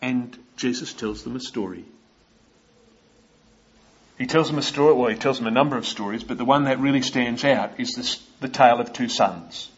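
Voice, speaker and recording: Husky man preaching a sermon. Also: medium pitch, normal speed, highs cut off. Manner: storytelling, asking the listeners questions.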